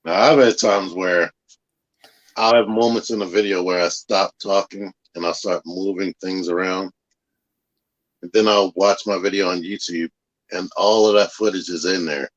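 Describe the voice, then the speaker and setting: A man speaking as a guest in a casual chat, relaxed and nonchalant, with dry sarcasm. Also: low voice, moderate pace, no room sound. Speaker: guest creator. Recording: dull lo-fi audio.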